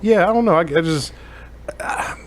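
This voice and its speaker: A man's voice: high-pitched, moderate pace. A man chatting casually on a podcast, joking and laughing often. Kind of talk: casual chat. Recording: faint room ambience.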